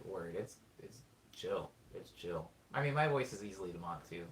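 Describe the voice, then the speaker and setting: A man's voice: mid-range voice, big pitch swings, a little fast, a bit bright, slight background noise. A young man casually chatting on a live stream from his small bedroom, reading viewer comments and rambling with frequent self-corrections.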